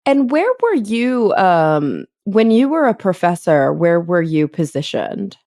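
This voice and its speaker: A woman's voice: on the low side, big pitch swings, a little slow, darkish tone, no room sound, studio quality. A woman from Texas hosting a casual podcast interview, upbeat and laughing often. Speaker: podcast host.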